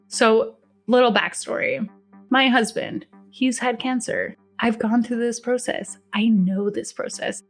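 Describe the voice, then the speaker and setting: A woman's voice: fairly high pitch, fairly even intonation, a little slow, soft background music. Emphatic, blunt woman telling her story. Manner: emphatic, blunt and profane, acting out dialogue. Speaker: podcast guest sharing a personal story. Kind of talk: first-person storytelling.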